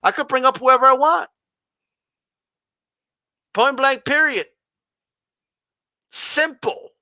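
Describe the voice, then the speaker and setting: This boxing channel host speaks slowly in an extremely high-pitched voice, with a dry recording. Reading his livestream chat, he answers confrontationally with sharp rhetorical questions and mimics a flat monotone in mockery.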